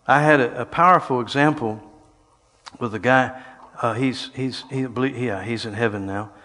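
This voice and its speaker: Older guy preaching, goes quiet then shouts, big echoey hall. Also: mid-range voice, normal speed. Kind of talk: sermon. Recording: long hall reverb.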